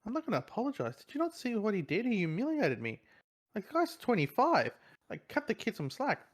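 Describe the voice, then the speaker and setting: A man voicing a young boy who protests in a high, whining voice. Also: huge pitch swings, a little fast, heavily acted. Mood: indignant. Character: whiny indignant young boy.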